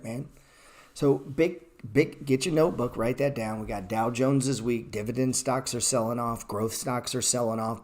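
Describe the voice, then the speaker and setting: A man's voice: medium pitch, a little mellow. A man hosting a live-streamed trading class, blunt and profane, ranting at his chat between chart walkthroughs. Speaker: trading educator.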